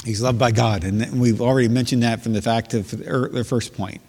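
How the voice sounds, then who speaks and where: A man's voice: medium pitch, steady tone, a little fast, darkish tone, husky. A man preaching as a pastor, explaining scripture with rhetorical questions and reading verses aloud. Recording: long hall reverb.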